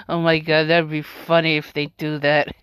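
Woman podcast host, casual commentary, frequent laughter, slow pace, dry room. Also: sits low, fairly bright tone, clean tone, no echo. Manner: laughs often, amused and incredulous. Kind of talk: casual commentary reading tweets aloud.

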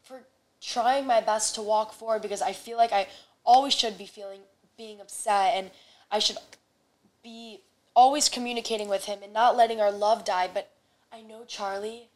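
A woman's voice: medium pitch, steady tone, moderate pace. A young woman speaking earnestly as a podcast guest, spiritual and heartfelt, often repeating her phrases. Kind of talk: heartfelt conversation.

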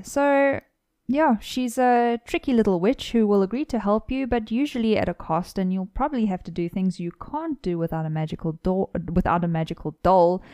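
Mellow-voiced young woman retelling a folk tale. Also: lowish voice, smooth, no echo. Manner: animated retelling with playful asides. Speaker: podcast co-host.

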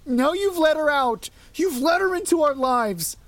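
A man's voice: medium pitch, animated, measured pace, no room sound, voice pushed up. A man voicing a frightened wife who is haunted by her dead twin, speaking desperately and breaking into sobs. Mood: panicked.

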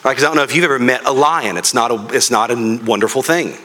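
A man's voice: medium pitch, quick pace, bright, forceful tone. A man preaching a sermon as pastor, earnest and speaking directly to his congregation.

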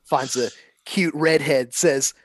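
A man's voice: on the high side, slow, no echo, clean studio sound. A man guesting on a podcast, chatting casually and joking with frequent laughter. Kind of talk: casual chat.

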